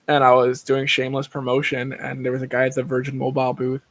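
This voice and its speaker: A man's voice: medium pitch, monotone, fast, a bit bright, rough recording. A tired man hosting a casual livestream, rambling and blunt, breaking into rants. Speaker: livestream host.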